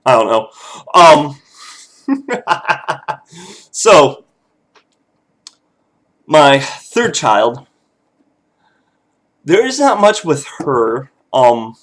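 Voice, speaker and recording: A man in his thirties with a fairly high voice tells family stories in a slow, unhurried way. He chuckles often and fills his sentences with easy fillers, like a relaxed home vlog. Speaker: father telling family stories. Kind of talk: casual storytelling vlog.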